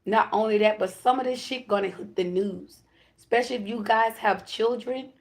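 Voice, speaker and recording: Gravelly woman delivering a spiritual message. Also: mid-range voice. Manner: emphatic, repetitive declarations with casual profanity. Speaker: self-described high priestess giving a spiritual reading. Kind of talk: channeled spiritual message to viewers.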